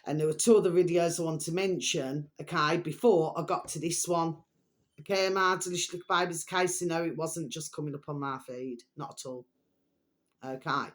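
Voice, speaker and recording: A woman's voice: deep voice, fairly even intonation, fairly quick. Lady vlogger going off on a sweary rambling rant, keeps saying okay and there we are. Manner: swears heavily, keeps calling viewers her delicious little babies. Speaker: video blogger. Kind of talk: ranting commentary to viewers.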